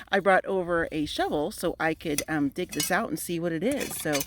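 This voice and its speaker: A woman vlogging outdoors in bright sun on a phone she holds in one hand, gushing with excitement as she talks her viewers through it. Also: on the low side, moderate pace, slight background noise. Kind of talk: casual vlog while digging outdoors. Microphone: phone held in one hand.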